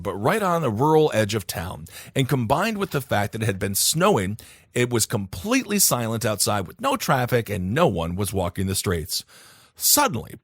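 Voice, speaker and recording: A man hosting a comedy podcast, reading listener stories aloud with animated, jokey asides. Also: mid-range voice, dry recording, studio quality. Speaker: podcast host.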